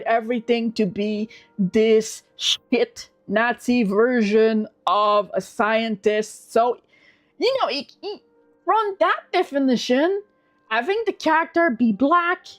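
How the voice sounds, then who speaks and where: A young woman hosting a livestream, chatting casually in animated, swearing rants full of restarts. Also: on the high side. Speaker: livestream host.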